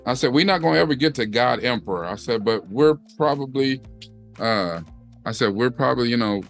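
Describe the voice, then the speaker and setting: A man's voice: medium pitch, lively intonation, brisk, vocal fry, faint music behind. A middle-aged man, co-hosting a casual chat and acting out quotes as he tells a story. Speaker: co-host.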